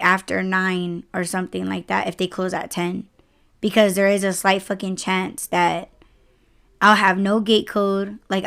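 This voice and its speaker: Woman podcast host, delivery driver, casual profane rant, smooth clear voice. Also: mid-range voice. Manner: profane, exasperated, animated retelling.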